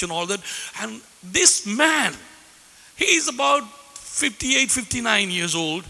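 Fiery male pastor mid-sermon, bright, piercing tone with a gravelly edge, echoing in a hall. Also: high voice, big pitch swings, a little slow. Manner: impassioned, fervent, bursts into shouting.

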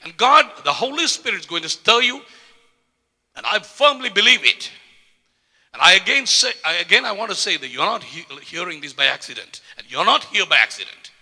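Man preaching, high pitched, bright sharp tone, fervent repetitive delivery, long hall reverb. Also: sing-song, a little fast. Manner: impassioned, repeats words, swings from soft to loud. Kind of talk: sermon.

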